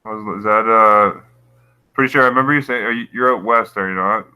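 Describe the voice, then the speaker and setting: On this low-quality, echo-free recording, a YouTube channel host with a low-leaning voice that is sharp, clear and resonant talks a little fast. He meanders through conspiratorial commentary on a casual livestream, reading chat and laughing frequently at what he says.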